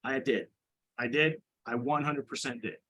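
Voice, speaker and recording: Male coach, mid-pitch, indignant public commenter who rambles with restarts. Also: steady tone, normal speed, fairly bright tone, poor audio. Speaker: high school girls lacrosse coach. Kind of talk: public comment at a committee meeting.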